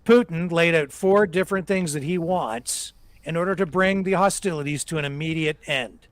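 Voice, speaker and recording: High-voiced man ranting on live commentary. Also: moderate pace, no room sound. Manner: emphatic, ranting, repeats his points. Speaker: political commentary host.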